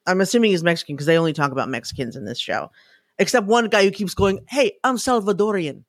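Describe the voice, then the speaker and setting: A woman co-hosting a casual podcast chat, telling stories in a lively way and slipping into loud, excited voices for the people in them. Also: on the low side, fast talker, dry recording, studio quality. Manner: animated storytelling, breaks into loud excited impressions. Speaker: podcast co-host.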